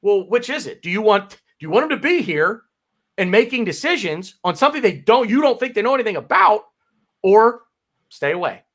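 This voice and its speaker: An American man arguing his point on a podcast, his voice swinging widely up and down and sitting a little high. He often stumbles and repeats words as he builds up steam. The delivery is relaxed and unscripted. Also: a little fast. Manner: animated, with frequent restarts and repeated words. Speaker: podcast co-host. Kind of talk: casual podcast chat.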